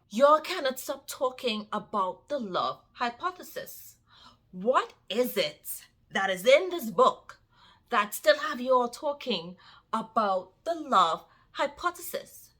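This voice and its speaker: A woman book vlogger chatting to her viewers, animated and repeating phrases for emphasis. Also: medium pitch. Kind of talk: casual chat to camera.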